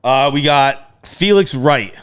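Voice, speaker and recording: A man guesting on a casual podcast, speaking in a relaxed, mid-pitched voice. He often stumbles over the start of his sentences and repeats words before settling into what he means to say. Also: takes it slowly, clean tone. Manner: laid-back, hesitant, repeats words. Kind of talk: casual comedic chat.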